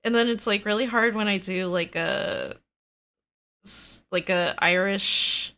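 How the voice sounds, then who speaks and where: A woman's voice: mid-range voice, slow, bright, forceful tone. A woman, the dungeon master of a tabletop game, chatting casually with her players in a rambling way, full of fillers. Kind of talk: casual chat.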